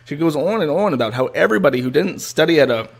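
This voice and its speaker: A man's voice: a little high, expressive, quick pace, vocal fry. A man hosting a stream, talking in a casual, sardonic, profane way as he comments on a clip. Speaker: streamer host.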